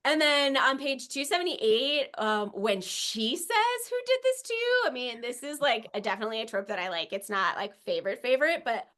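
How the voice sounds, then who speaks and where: Brief: young woman, slightly high voice, gushing book-podcast co-host. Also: expressive, bright, forceful tone. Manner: enthusiastic, quick, lots of "like". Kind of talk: casual book discussion.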